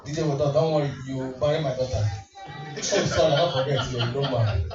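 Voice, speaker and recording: Teasing MC, echoey distant hall. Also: male voice, mid-range voice, brisk. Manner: teasing, playful crowd work with frequent laughter. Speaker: event MC and comedian. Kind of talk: live MC banter with crowd. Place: community party hall. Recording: distant echoey hall mic, dull sound. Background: music playing.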